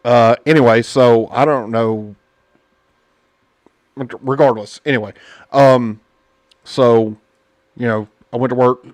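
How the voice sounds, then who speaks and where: An American man who is a parent hosts a casual political podcast, speaking slowly with long pauses in a steady, medium-pitched, slightly mellow voice. He talks bluntly and indignantly, with many fillers, and there is no room sound.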